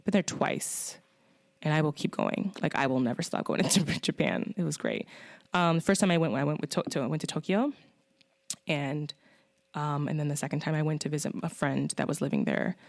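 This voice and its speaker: A woman's voice: low voice, fairly quick, no echo. A woman hosting a podcast in casual chat, rambling and swearing, with lots of fillers. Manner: rambling, profane, with many fillers. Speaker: podcast host.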